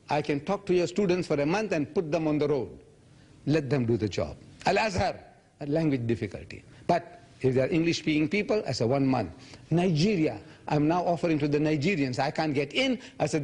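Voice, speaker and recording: A man's voice: on the high side, a little fast, breathy edge. A man in his seventies answering audience questions at a public lecture, telling stories and acting out other people's lines. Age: 70s. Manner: animated storytelling, quoting others in raised voice.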